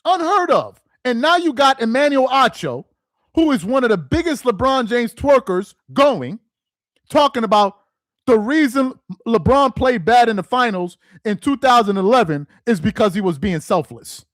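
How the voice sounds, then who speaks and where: A man with a high voice that swings wide, ranting about sports with mocking disbelief. He fires off rhetorical questions, stumbles over repeated words when he gets worked up, and rises into shouts. The sound is close and dry. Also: lively intonation, normal speed, dry recording. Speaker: sports commentator host. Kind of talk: sports rant to camera.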